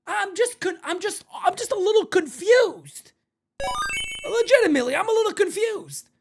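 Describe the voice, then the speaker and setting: Loud, excitable man ranting live. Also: very high voice, normal speed, creaky, noisy background. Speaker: host of a fan live stream. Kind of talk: ranting live sports talk.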